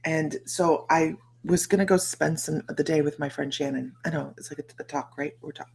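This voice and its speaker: A middle-aged American woman with a low voice and a lot of fry talks casually to her livestream viewers. She rambles and greets people by name as she goes. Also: steady tone, moderate pace, a little mellow. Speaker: psychic livestream host.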